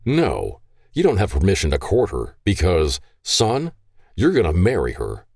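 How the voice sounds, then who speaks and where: A man's voice: low-pitched, wildly swooping pitch, measured pace, gravelly, darkish tone, no room sound, studio quality, exaggerated voice. A man doing a furious, growling father. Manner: stern, growling, commanding. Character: furious protective father, gruff and commanding.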